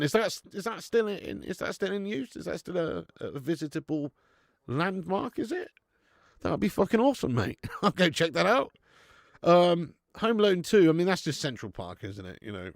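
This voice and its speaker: A fairly high-voiced man hosting a football watch-along, jokey and sweary, who swings into excited play-by-play when the match heats up. The sound is dry and close, with no room echo. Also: vocal fry. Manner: sweary, laddish, jokey, bursts into excited commentary. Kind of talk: live match commentary and chat.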